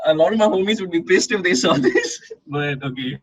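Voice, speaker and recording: A young man from Bangalore, chatting in an animated, profane way. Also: sits high, brisk, husky. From Bangalore, India. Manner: animated, profane, laughs often. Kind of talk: casual chat. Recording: dull lo-fi sound.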